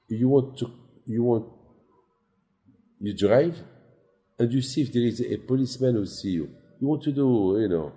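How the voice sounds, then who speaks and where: Rabbi giving a sermon, gravelly and very dark tone, story-driven preaching. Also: male voice, mid-range voice. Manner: non-native phrasing, storytelling with quoted dialogue.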